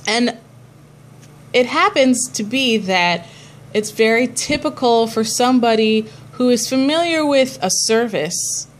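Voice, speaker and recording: A woman's voice: on the high side, lively intonation, a little slow. A woman cantor teaching a class on chanting prayers, explaining patiently and chanting short examples.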